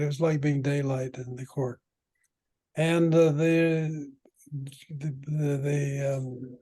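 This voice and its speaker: An older man, a veteran player, telling rambling stories from the old days with halting restarts. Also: on the high side, dark tone. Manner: halting, many restarts while recalling. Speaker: guest, veteran padel player. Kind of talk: rambling anecdotal storytelling.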